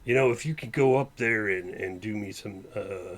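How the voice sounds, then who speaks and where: A man voicing a weary, fed-up frontier sheriff with a rough Western drawl and folksy grammar. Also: lowish voice, normal speed, lightly acted.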